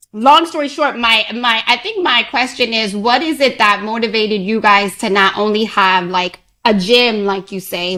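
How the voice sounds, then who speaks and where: A woman's voice: mid-range voice, fairly bright tone. A woman from Connecticut hosting an interview, asking long rambling questions in casual chat and laughing often. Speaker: podcast host.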